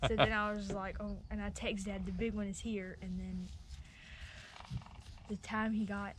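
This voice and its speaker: A woman's voice: medium pitch, little pitch movement, normal speed. Shy teenage girl telling a story, faint background hiss. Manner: shy, hesitant, many ums and likes. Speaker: interviewee. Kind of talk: casual storytelling.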